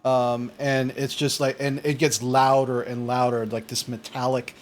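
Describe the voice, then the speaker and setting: A man's voice: medium pitch, flat delivery, a little slow, slight background noise. A man narrating a tabletop game as game master, rambling with restarts. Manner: rambling, full of fillers and restarts.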